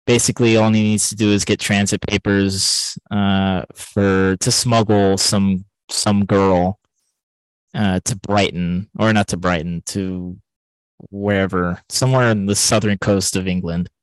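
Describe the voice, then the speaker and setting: A man with a fairly low voice talks through a film on a podcast he co-hosts. He rambles, restarts often and leans on fillers. The sound is dry and close, with no room around it. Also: little pitch movement, unhurried, smooth, no echo, low-quality recording. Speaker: podcast co-host. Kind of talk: casual film discussion.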